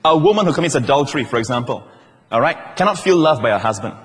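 A man's voice: medium pitch, fast, big-room sound, slight background noise. A man preaching a sermon to a congregation, calling for amens and asking if they are listening. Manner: lively preaching, calls for amens, asides to the congregation. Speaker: pastor.

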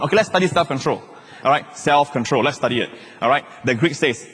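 A pastor preaching a sermon, joking with the congregation and acting out quotes. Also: male voice, mid-range voice, fairly quick, breathy edge. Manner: animated, joking, acts out quotes. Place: large church hall. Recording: long reverb of a large hall.

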